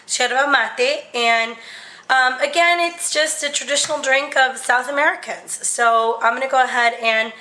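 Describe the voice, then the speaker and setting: A woman's voice: sits high, moderate pace, pushed and bright, rough recording. A woman chatting casually as she talks viewers through a demonstration, step by step. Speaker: vlogger.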